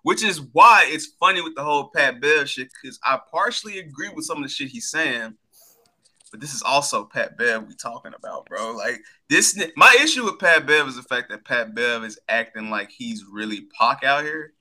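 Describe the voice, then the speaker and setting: A man co-hosting a casual talk show, with a very bright, sharp voice whose pitch swings widely. He trash-talks in heavy profanity. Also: normal speed. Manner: animated, profane, trash-talking. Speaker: podcast co-host. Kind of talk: heated casual chat.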